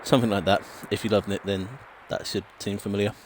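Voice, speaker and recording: A man's voice: on the low side, little pitch movement, fast, a little hiss or hum. A British man streaming a game and chatting casually in a rambling way, swearing now and then and mimicking sound clips. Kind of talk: casual chat while gaming.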